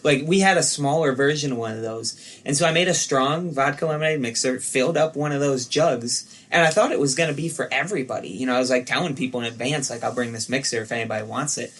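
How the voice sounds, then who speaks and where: A man's voice: mid-range voice, quick pace, few pauses, fairly bright tone. Laid-back young man, easygoing guest. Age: young adult. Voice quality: easygoing, laughs often. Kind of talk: casual chat.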